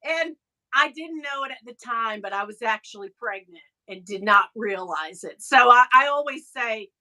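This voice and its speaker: A woman hosting a live stream. She chats casually and tells animated stories, once a radio interviewer. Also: fairly high pitch, moderate pace. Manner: chatty, animated storyteller with frequent laughs. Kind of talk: casual chat.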